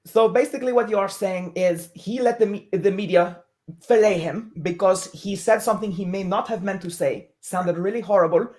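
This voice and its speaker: A woman guest on a sports podcast, giving her views in a measured, opinionated way. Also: medium pitch, a little mellow. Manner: measured, opinionated, with military comparisons. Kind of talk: casual sports talk.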